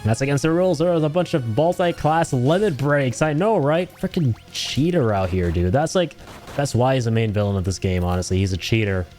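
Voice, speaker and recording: An excitable male streamer chatting casually through a game, slangy and profane. His voice sits in a middle pitch, with faint music underneath. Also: a little fast. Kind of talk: casual gaming stream commentary.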